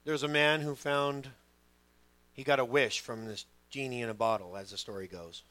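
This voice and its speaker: A middle-aged man preaching a sermon as pastor, telling stories with lively quoted voices. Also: medium pitch, moderate pace, no room sound. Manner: animated storytelling, acting out quoted voices.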